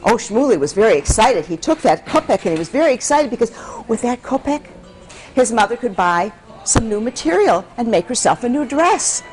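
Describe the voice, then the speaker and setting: A woman's voice: fairly high pitch, sing-song, brisk, darkish tone, faint music behind. A woman storyteller from Michigan tells a folktale to a live audience and coaxes the listeners to repeat words after her. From Michigan, USA.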